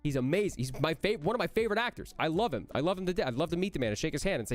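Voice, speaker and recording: A man, a voice actor, answering chat questions on a casual livestream in an energetic, rambling way that jumps between jokes and praise. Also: fairly high pitch, very fast, hardly any pauses, faint music behind.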